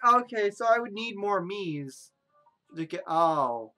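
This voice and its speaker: A woman's voice: mid-range voice, animated, slow pace, fairly bright tone, soft background music. A woman giving playful, jokey commentary while playing a video game. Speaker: let's play gamer. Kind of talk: casual gameplay commentary.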